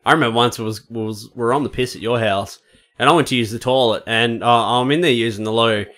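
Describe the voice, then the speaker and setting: Bright, energetic man, casual podcast co-host, rambling storyteller. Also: mid-range voice, fast talker. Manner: storytelling, swears casually, lots of fillers. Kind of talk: casual chat among friends.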